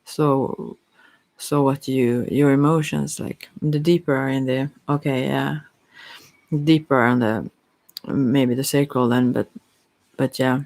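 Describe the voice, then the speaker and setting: A softspoken ASMR psychic with Swedish as a first language, giving a halting, hesitant chakra reading while teary-eyed. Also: medium pitch, steady tone. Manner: halting, hesitant, with many fillers. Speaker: psychic card reader.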